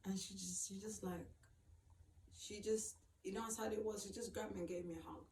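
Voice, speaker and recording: A woman's voice: mid-range voice, steady tone, mellow. Emotional woman recalling hard times. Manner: halting, repeats phrases, many fillers. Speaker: vlogger telling her own story. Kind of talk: emotional personal storytelling. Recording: roomy, distant mic, faint background noise.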